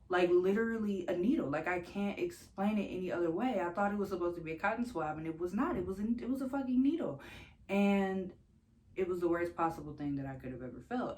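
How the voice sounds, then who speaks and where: A woman's voice: a little mellow, slight background noise. A young woman vlogging, telling a personal story in a casual, candid way, swearing freely and laughing between sentences. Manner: jumps much higher when quoting herself.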